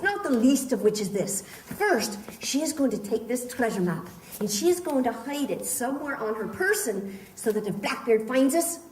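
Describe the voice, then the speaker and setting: A woman's voice: a little high, darkish tone. A woman performer leading a live audience through a pirate-themed participation show, theatrical and doting, calling her volunteers love and darling. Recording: echoey room from a distance, faint crowd and noise.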